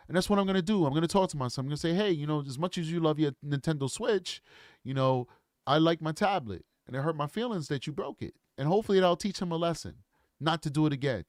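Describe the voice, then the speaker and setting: A man in his forties talks through a true crime case in a casual, lecturing way, circling back to repeat his points. His voice sits a little high for a man, and the sound is close and dry with almost no room. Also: no echo. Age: 40s. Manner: earnest, lecturing, repeats himself. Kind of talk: casual commentary.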